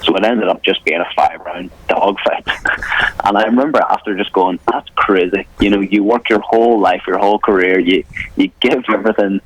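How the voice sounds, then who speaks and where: A man's voice: low voice, a little fast, low-quality recording. A young man with a Northern Irish accent, an MMA fighter confidently and bluntly answering interview questions over the phone. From Northern Ireland. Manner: confident, blunt, swears casually. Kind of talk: phone interview on talk radio.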